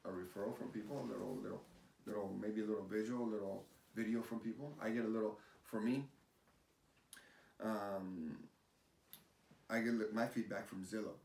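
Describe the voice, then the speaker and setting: A man with a low, gravelly voice talks with animated, rambling energy and circles back to repeat his points. The sound comes from a distant mic in an echoey room. A faint hiss sits underneath. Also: moderate pace, pauses often. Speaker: realtor guest. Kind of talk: casual chat.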